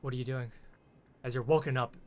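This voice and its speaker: A man running a tabletop game as game master, narrating in a halting way with many restarts. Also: medium pitch, fairly even intonation, darkish tone.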